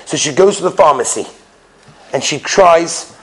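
A man's voice: on the high side, normal speed, a bit bright. A man who is a rabbi, telling stories in a sermon. He acts out the people in his stories and repeats phrases for emphasis. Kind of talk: storytelling sermon.

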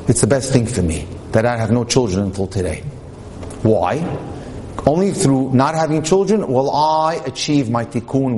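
A middle-aged man speaking earnestly at a singles event, at a middle pitch. He reads a story aloud and translates Hebrew lines as he goes. A faint hum sits behind him. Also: darkish tone. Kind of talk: religious talk with story reading.

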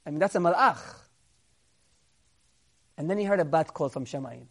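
Male Torah teacher, animated storyteller. Swings between loud, voiced-out characters and quiet, low asides, and stretches words for emphasis. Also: normal speed, gravelly, pauses often. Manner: acts out quoted characters, rising louder and higher for them; drops to a quiet, low aside when explaining.

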